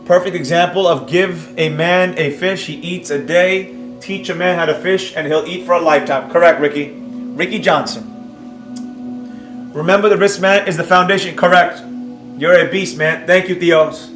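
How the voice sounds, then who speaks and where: A man streaming live as a trading educator, reading viewer comments and talking straight to the audience in a brash, boastful way that jumps loud when he gets excited. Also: sits high, moderate pace. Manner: animated, bursts up loudly when excited. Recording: roomy sound with faint music behind.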